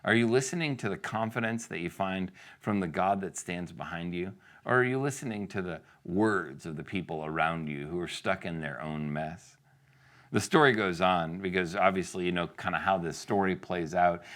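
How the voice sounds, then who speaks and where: A man with a deep, low-pitched voice delivers a sermon in a loose, conversational style. He keeps asking rhetorical questions and briefly acts out the voices of the people in the story. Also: a bit bright. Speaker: pastor.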